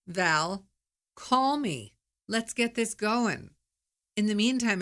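A woman's voice: medium pitch, a bit bright. A middle-aged woman hosting her own podcast, talking candidly in a chatty, storytelling monologue. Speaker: podcast host. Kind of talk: casual monologue.

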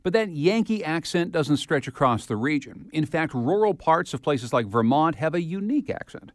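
A man hosting a public radio podcast, reading scripted segments and interviewing a guest in a measured, conversational way. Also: on the high side, animated, no echo, studio quality.

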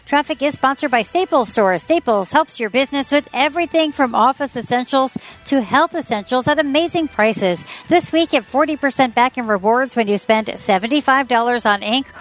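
A woman smoothly reading a radio traffic report and a sponsor ad. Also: on the high side.

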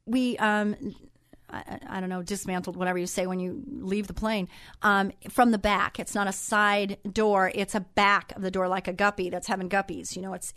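A woman radio host chatting through a personal story in a lively, animated way, acting out the lines of the people in it. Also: medium pitch, no room sound, studio quality. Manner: chatty, animated retelling with quoted dialogue. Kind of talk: casual storytelling monologue.

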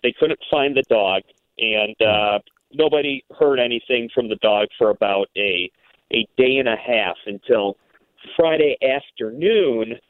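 A man's voice: medium pitch, unhurried, no room sound. A male radio producer, a guest on the show, tells a long story with many fillers and restarts. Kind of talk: phone interview storytelling. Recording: tinny dry phone line.

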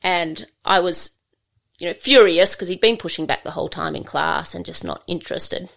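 An Australian woman, a livestock handling trainer, telling stories in a relaxed, rambling way with many fillers. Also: lowish voice, normal speed, creaky. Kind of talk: conversational storytelling.

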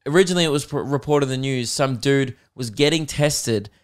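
Brisk and medium-pitched, this man's voice carries an Australian accent. In his twenties, he hosts a podcast of casual chat, telling laid-back stories with a self-mocking edge.

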